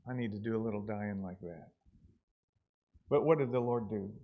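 A man preaching a sermon in church, earnest and repeating words for emphasis, swinging between soft and loud passages. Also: on the low side, normal speed, phone-quality sound. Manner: earnest, repeats words, rises and falls in loudness.

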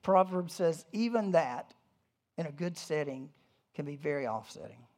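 A pastor giving a conversational sermon, animated, with humorous asides and frequent restarts. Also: medium pitch, moderate pace.

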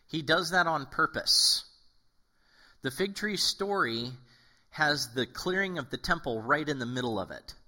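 A male pastor giving a casual, conversational sermon, acting out quotes and often checking in with "okay?". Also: fairly high pitch. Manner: animated, acts out quoted voices, frequent "okay?".

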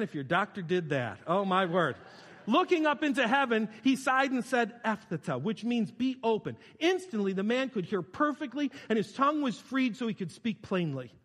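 High-voiced man preaching in a hall. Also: fairly bright tone. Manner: conversational, storytelling with quoted voices. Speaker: pastor. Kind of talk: sermon.

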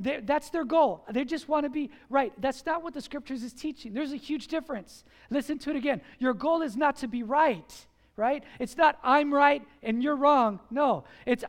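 A middle-aged man preaching a sermon as pastor, telling personal stories, swinging from emphatic peaks to quiet asides. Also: very high voice, in a large hall.

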